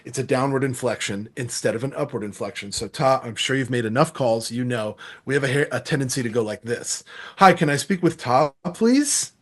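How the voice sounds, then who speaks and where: A middle-aged man giving a sales masterclass, energetic and acting out sample phone calls as he teaches. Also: medium pitch, a little fast, few pauses. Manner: energetic, acts out calls and quotes. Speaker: sales trainer. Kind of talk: masterclass talk.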